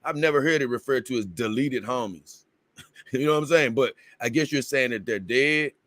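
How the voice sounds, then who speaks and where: A man's voice: medium pitch, moderate pace, fairly bright tone, no echo. A man hosting a livestream in casual chat, reading viewer comments aloud and rambling, with bursts of exasperated confusion. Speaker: livestream host.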